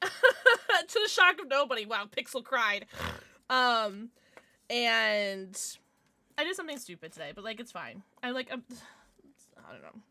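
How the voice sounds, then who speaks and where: A woman's voice: a little high, sing-song, measured pace, long pauses, sharp tone, no room sound. A young woman livestreamer chatting casually with her viewers, giggly and rambling, with lots of restarts and fillers.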